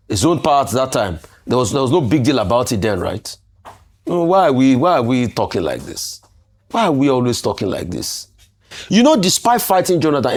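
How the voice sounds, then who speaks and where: Emphatic Nigerian man, animated political commentary. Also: mid-range voice. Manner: emphatic, argumentative, rhetorical questions. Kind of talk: studio political talk show.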